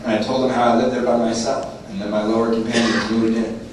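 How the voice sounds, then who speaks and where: A man with a Southern Californian accent sharing his recovery story at a meeting, self-mocking and animated, acting out the voices in his story. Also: medium pitch, fast talker. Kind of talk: personal recovery talk. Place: meeting room. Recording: distant mic in a roomy, noisy hall.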